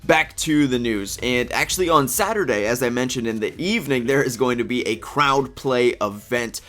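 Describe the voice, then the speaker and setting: A young man, a bit groggy since he just woke up, hosts a casual solo video about upcoming game news. His pitch sits in the middle range for a man. He thinks aloud as he speculates and corrects himself along the way. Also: normal speed, a bit bright. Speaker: gaming news video host.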